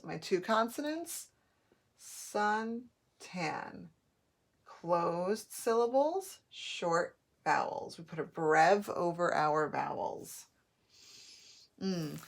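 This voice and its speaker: A woman teaching a phonics lesson, sounding out words slowly and clearly, syllable by syllable. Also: fairly low pitch, lively intonation.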